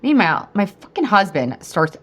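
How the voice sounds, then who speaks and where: A woman in her thirties hosting a casual podcast as a weight-loss coach, chatty and animated, swearing freely and laughing often. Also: medium pitch, moderate pace, slight background noise.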